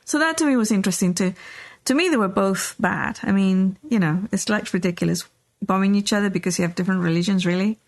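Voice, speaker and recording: Talking fast in a mid-range voice, a middle-aged podcast host shares a personal story casually. She rambles, restarting often and leaning on plenty of fillers.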